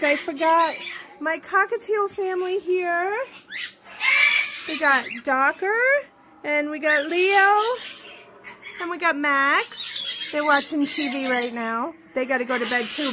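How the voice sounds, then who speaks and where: A woman's voice: high voice, a little slow, very noisy. A middle-aged woman, a pet vlogger, chatting to her camera and talking baby talk to her pet birds in a dim room at night. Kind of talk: casual chat to camera and pets. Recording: loud bird squawks throughout. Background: loud squawking birds.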